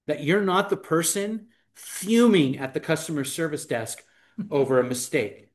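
A man leading a Bible study group, telling anecdotes in casual talk and acting out what people said. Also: a little high. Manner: storytelling, acts out anecdotes.

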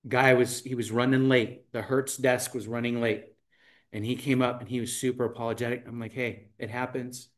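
A man's voice: mid-range voice, flat delivery, brisk. A man leading a Bible study group, telling anecdotes in casual talk and acting out what people said. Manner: storytelling, acts out anecdotes.

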